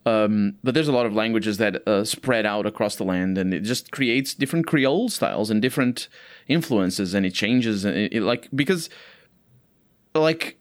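Halting man pushing back in chat. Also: on the low side, expressive. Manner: halting, restarts often, pushes back. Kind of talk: casual argumentative chat.

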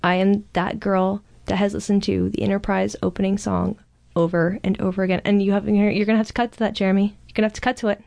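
A woman in her thirties chatting on a podcast, an enthusiastic fan with quick asides and some cursing. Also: mid-range voice, little pitch movement, gravelly, a little mellow. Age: 30s. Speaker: podcast guest. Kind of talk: casual podcast chat.

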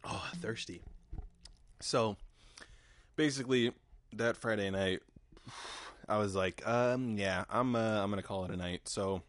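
A man's voice: fairly low pitch, unhurried, long pauses. A man hosting a casual solo podcast from his garage. He rambles loosely and swears freely, joking as he goes. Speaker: podcast host. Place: home garage.

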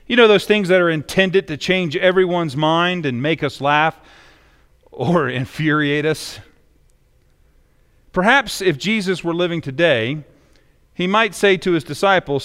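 A man's voice: on the high side, measured pace, pauses often, fairly bright tone, clean tone, in a large hall. A man pastor reading scripture and then preaching a sermon in a conversational, emphatic way.

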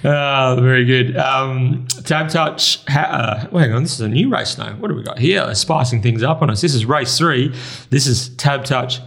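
An Australian man co-hosting a racing podcast, running through race form briskly. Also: mid-range voice, vocal fry, a bit bright. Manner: brisk, runs through form in quick bursts. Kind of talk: casual race preview chat.

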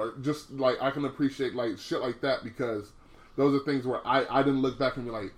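This podcast co-host has a medium-pitched voice with fairly even intonation and talks fairly quickly. His casual chat is frank and profane, peppered with "bro," and he makes many restarts.

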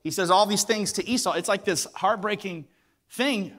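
A man's voice: high-pitched, moderate pace, a bit bright. A man preaching a sermon, retelling a story with acted voices and emphatic repetition. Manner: emphatic, repeats words for weight. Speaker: pastor.

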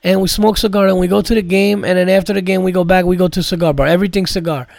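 A man's voice: sits high, steady tone, fast, gravelly, a little mellow, no room sound, studio quality, voice pushed up. A man imitating a cigar-obsessed middle-aged man with an Armenian accent and broken, repetitive English. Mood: boastful. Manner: chopped broken English, repeats himself.

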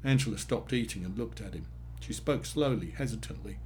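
A man narrating a short story in a plain, steady storytelling manner. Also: lowish voice, a little fast, a little hiss or hum. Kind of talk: scripted narration.

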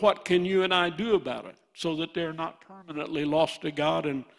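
A man in his eighties with a Midwestern American accent, preaching a sermon and swinging from loud bursts to hushed storytelling. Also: a little high, vocal fry. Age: 80s.

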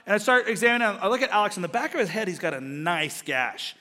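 Bright high-voiced pastor preaching in a hall. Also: male voice, fast talker, hardly any pauses. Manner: storytelling, jokey, acts out quoted voices. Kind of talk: sermon.

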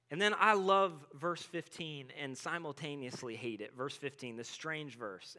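A man's voice: fairly high pitch, normal speed, few pauses. A man preaching a sermon as pastor. He talks casually, peppers his speech with "like," and acts out biblical characters in everyday speech. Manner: casual, animated storytelling with frequent "like".

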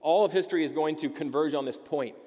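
A man's voice: on the high side, quick pace, dark tone. Emphatic male pastor in a reverberant hall. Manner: emphatic, asks the congregation rhetorical questions, frequent "okay?". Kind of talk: sermon.

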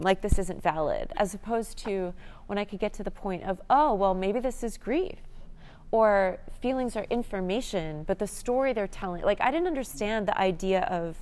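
A young woman tells her own recovery story in a plain mid-pitched voice. She sounds earnest and reflective. She often pauses on "like" while she gathers her thoughts. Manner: earnest, reflective, frequent "like" fillers. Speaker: recovery program member sharing. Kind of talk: personal sharing.

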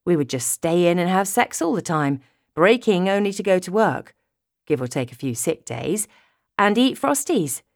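Low, lively woman audiobook narrator. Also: moderate pace, no echo, clean studio sound. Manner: expressive, storytelling. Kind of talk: first-person audiobook narration.

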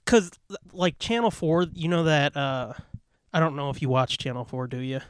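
A man co-hosting a podcast in casual chat, hyper and fast-talking, swearing constantly. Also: on the high side, clean tone, no room sound, studio quality. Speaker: podcast co-host.

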